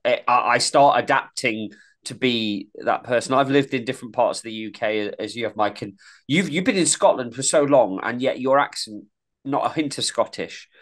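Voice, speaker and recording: A podcast co-host from England's East Midlands talks at a moderate pace in a medium-pitched, fairly bright voice with a mild regional accent. He rambles casually, restarting sentences and repeating words often.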